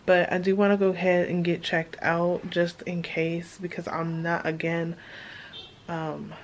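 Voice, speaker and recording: A woman vlogger, breathless, talks casually through an update with many fillers, her voice on the low side, level in tone, and a little slow. She's in a car at first, then in a hospital room.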